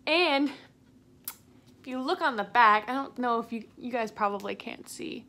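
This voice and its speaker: A woman's voice: fairly high pitch, normal speed, sharp tone. A young woman plant vlogger talking casually and ranting in exasperation, with bursts of laughter. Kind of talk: casual vlog.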